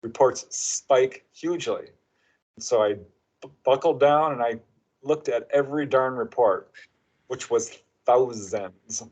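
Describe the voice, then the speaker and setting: A man of average pitch speaking as a guest author. He tells his stories with energy, breaking into other voices for the quoted lines. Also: slow, poor audio. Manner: animated storyteller who acts out quotes. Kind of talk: casual interview chat.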